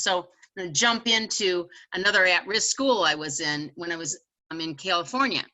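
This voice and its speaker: Female educator guest, animated storyteller, sharp, bright tone. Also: lowish voice, moderate pace, low-quality recording. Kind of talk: storytelling in a casual chat.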